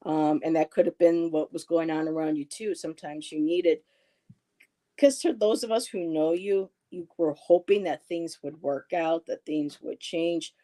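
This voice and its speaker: Her voice sits low and mellow, fairly even in intonation and unhurried, as this live-stream host does tarot card readings and responds to her chat. She reads comments out loud, laughs a lot, and keeps things chatty and reassuring.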